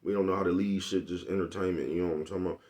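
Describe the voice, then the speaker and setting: A man's voice: low-pitched, fairly even intonation, very fast, darkish tone. A man, talking casually and profanely to his camera, rambling and asking "you know what I'm talking about?" over and over. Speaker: vlogger.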